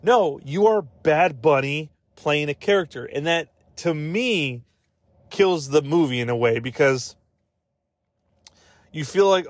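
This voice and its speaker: Rambling, swearing podcast host, dry sound. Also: male voice, on the high side, animated, takes it slowly, no room sound. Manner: rambling, profane, full of fillers and asides. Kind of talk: casual movie-review chat.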